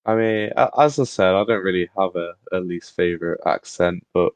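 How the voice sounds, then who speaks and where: A young man from England joins in the podcast chat with a fairly low voice, recorded dry and close. He hesitates with fillers but turns blunt and sweary. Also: normal speed, smooth, no echo, muffled recording. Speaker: podcast co-host. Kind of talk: casual chat.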